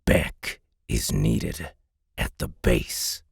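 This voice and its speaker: A man voicing a stubborn middle-aged military commander, with a deep, gravelly voice and a clipped, firm way of talking. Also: lively intonation, very slow, no echo, clean studio sound, full character voice. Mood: stern.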